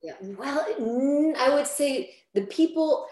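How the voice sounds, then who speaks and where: A woman's voice: sits high, lively intonation, slow pace, darkish tone. A woman hosting an interview, speaking reflectively and affirming her guest. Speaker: interviewer, podcast host. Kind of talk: casual interview chat. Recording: echoey room.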